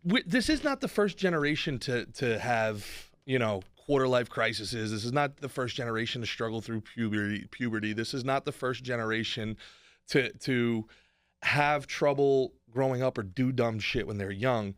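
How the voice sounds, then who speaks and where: A man's voice: mid-range voice, moderate pace, no echo. Joking man hosting a podcast, dry sound. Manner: teasing, joking, animated. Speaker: podcast host and comedian. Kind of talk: casual podcast chat.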